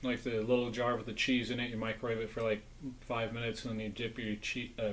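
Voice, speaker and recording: A man's voice: mid-range voice, level tone, fairly quick, fairly bright tone, a little hiss or hum, low-quality recording. A man rambling casually through a snack review, sometimes talking with his mouth full. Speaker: food review vlogger. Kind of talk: casual food review vlog.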